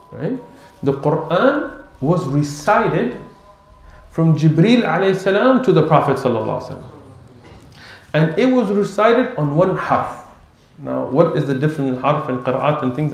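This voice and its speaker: Lively man lecturing in an echoey room. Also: on the high side. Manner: animated storytelling with acted-out dialogue. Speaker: Islamic teacher. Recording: roomy echo.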